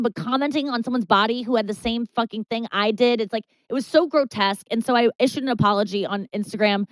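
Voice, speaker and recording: Woman comedian guest, candid storyteller, leaps high to quote others, dry close studio sound. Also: no echo, rough recording. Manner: animated, jumps high when quoting herself and others, swears, stammers. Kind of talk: candid talk-show storytelling.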